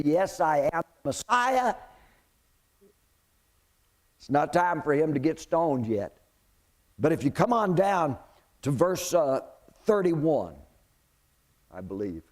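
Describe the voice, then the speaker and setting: A male preacher delivering a sermon, retelling a Bible story in an animated way and putting questions to the congregation. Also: fairly high pitch, unhurried.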